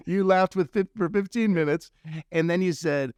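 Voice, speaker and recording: A man hosting a podcast, telling a story in a lively, animated way with quick asides. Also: high voice, smooth, no echo, clean studio sound. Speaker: podcast host. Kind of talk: casual storytelling chat.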